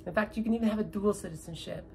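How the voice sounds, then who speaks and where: Woman from canada, bit of vocal fry, talking casual and persuasive, asks a lot of "right?" questions. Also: mid-range voice, rapid-fire, mellow, slight background noise, rough recording. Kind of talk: casual opinionated talk.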